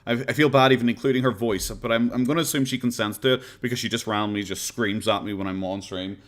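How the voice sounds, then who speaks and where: An Irish man chatting on a live stream, rambling from one thought to the next. His voice sits at a middle pitch, and his tone is sarcastic and loose. He laughs easily as he talks. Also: steady tone, fast talker. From Ireland. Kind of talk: casual live-stream chat.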